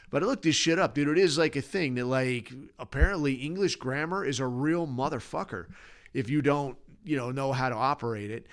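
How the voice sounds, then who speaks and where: A man's voice: mid-range voice, brisk, a bit bright, smooth. A man hosting a podcast, ranting alone in a rambling, profane, sardonic way. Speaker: podcast host. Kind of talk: casual solo rant.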